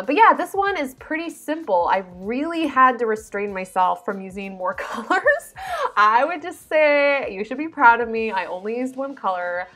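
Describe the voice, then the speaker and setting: A woman's voice: a little high, fairly bright tone. A woman host giving a casual, chatty voice-over about her journal pages, bubbly and joking at her own expense. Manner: bubbly, chatty, self-deprecating asides. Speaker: craft video host.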